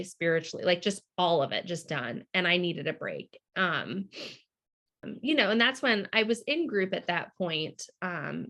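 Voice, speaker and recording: Woman, podcast guest, candid storytelling, filler words, lowish pitch. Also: fairly bright tone. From United States. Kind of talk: emotional personal storytelling.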